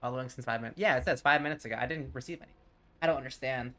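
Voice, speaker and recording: A man's voice: mid-range voice, racing, bright, forceful tone. A man from Tennessee chatting casually with viewers while playing a game, rambling and easily sidetracked. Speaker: streamer. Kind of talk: casual live-stream chat while gaming.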